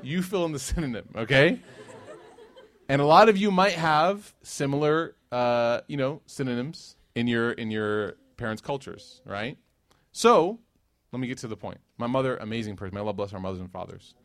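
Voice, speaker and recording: Guy preaching to a crowd, storytelling, mid pitch, dry close sound. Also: no echo. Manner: lively storytelling with a quick rhythm, dropping into hushed asides. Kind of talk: sermon. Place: talk to a live audience.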